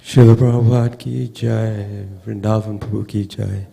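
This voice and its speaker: A man giving a halting, heartfelt storytelling tribute at a memorial gathering, often repeating words. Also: fairly low pitch, little pitch movement, warm tone, in a large hall. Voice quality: gravelly. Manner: halting, repeats words, acts out quoted voices. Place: temple hall with long reverb.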